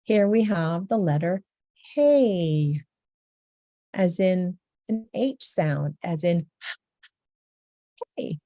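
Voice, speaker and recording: Slow, patient female teacher for a beginner lesson; lowish mellow voice, repeats each sound. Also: lively intonation, dry recording, studio quality. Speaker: language teacher.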